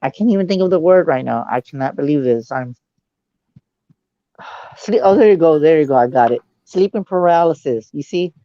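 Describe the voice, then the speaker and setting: A man's voice, a little high and mellow, comes through a dull, muffled call line. He is a psychic giving a dramatic live reading and keeps sinking into hushed asides. The sound is close and dry. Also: expressive, normal speed, no room sound. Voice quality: dramatic, dropping to low asides. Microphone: video call.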